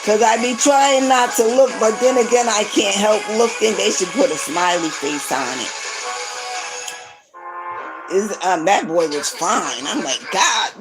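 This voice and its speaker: A woman's voice: mid-range voice, a little slow, pauses often, rough recording. A woman hosting a livestream, telling gossipy stories at home in a loose, profane, chatty way. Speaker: livestream host. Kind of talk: casual gossipy storytelling. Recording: music playing behind.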